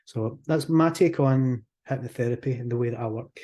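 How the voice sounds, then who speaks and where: Fast-talking Scottish man, mellow voice. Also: mid-range voice. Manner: fast, animated explaining with acted-out example voices. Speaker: hypnotherapist guest. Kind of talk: explanatory podcast interview.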